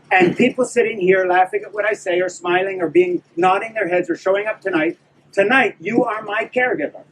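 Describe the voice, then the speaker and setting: A man's voice: high voice, slight background noise. Older man giving a candid talk from a distance. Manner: candid, self-deprecating, animated. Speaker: author speaking at a book event. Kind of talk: live talk to an audience.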